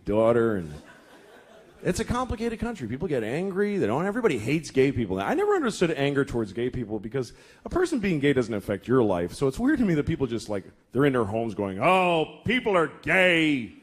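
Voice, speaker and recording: Before a laughing crowd at a comedy club, a middle-aged man works through a profane bit, exasperated and voicing the people he quotes. He speaks fast at medium pitch, with big pitch swings and a slightly mellow tone.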